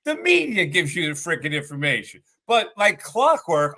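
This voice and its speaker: Blunt, lively-voiced male sports radio veteran. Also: high voice, moderate pace, few pauses. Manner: blunt, rambling, exasperated. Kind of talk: opinionated sports talk.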